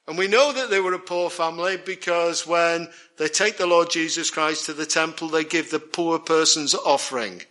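A man's voice: on the high side, normal speed, hardly any pauses, pushed and bright. A man preaching a sermon, earnest and emphatic, repeating key words for weight.

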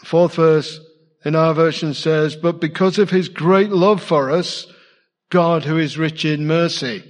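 A man's voice: fairly high pitch, unhurried, big-room sound. A man preaching a sermon in a church, conversational and asking his congregation questions. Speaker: pastor.

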